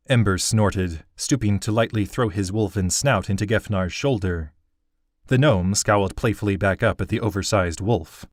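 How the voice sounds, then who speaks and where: Low male narrator, steady fantasy read, dry close recording. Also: moderate pace, dry recording. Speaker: audiobook narrator.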